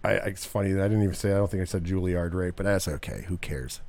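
A man hosting a podcast in casual chat, animated and profane, rambling with restarts. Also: deep voice, fast, creaky. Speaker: podcast host.

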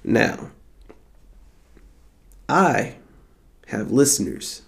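A man's voice: medium pitch, very animated, very slow, vocal fry. A young American man hosting his podcast in a rambling, casual monologue, laid-back, joking and full of profanity. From United States. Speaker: podcast host.

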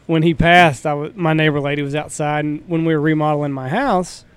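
A man's voice: on the high side, steady tone, fairly quick, clean tone. A man who is a guest, telling stories and ribbing his friends in a teasing, wry way. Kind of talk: casual storytelling chat.

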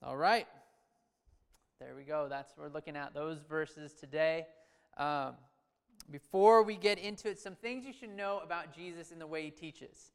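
Male pastor, chatty sermon delivery, smooth voice, long hall echo. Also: fairly high pitch, normal speed. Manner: conversational, asks the audience questions, loose restarts. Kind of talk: sermon with scripture reading.

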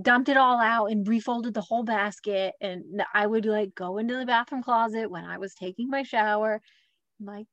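A woman with a medium-pitched voice, recorded lo-fi with no echo, co-hosts a casual podcast chat. A mother and wellness coach, she rambles chattily and fills her speech with fillers.

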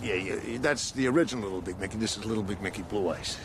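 A man's voice: fairly low pitch, quick pace, lightly acted. An actor playing a brash, impatient male mafia boss, barking corrections in a film scene. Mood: smooth bluffing. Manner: pushy, exasperated, barking corrections. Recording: film audio with loud street noise.

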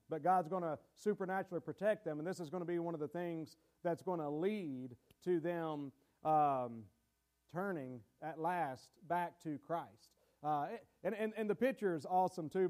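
Guy preaching a bible teaching, pretty high voice, chatty with lots of ums and restarts. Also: normal speed, a little mellow. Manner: conversational, with many fillers and restarts. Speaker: pastor. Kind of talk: teaching sermon.

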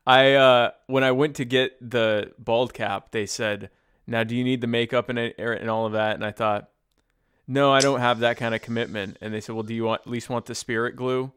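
A man's voice: mid-range voice, steady tone, normal speed, fairly bright tone, clean tone, dry recording. A man co-hosting a podcast in casual comedic chat, dry and joking, telling rambling anecdotes. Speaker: podcast co-host.

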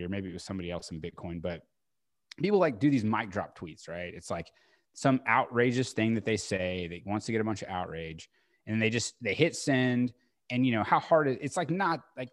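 A man's voice: fairly low pitch, no echo, clean studio sound. A man hosting a podcast, chatting casually in a rambling way, full of "like" fillers. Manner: rambling, heavy use of "like". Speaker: podcast host. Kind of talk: casual conversational chat.

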